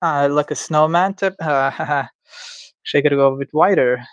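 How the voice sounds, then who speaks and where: A man's voice: on the high side, normal speed, no room sound, muffled recording. A man livestreaming himself drawing, rambling and thinking aloud with stammers, restarts and playful asides. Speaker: livestreamer drawing game creatures. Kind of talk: casual livestream self-talk. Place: indoors at home.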